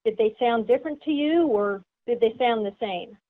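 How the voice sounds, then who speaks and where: A woman's voice: a little high, moderate pace. A woman giving an instructional seminar talk, explaining step by step and acting out sample greetings. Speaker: seminar presenter. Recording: tinny phone-like sound.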